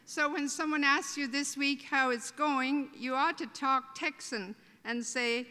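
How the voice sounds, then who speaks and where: A woman with an Irish accent hosting a convention, giving a warm, joking welcome speech. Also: high-pitched, steady tone, unhurried, few pauses. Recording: reverberant convention hall.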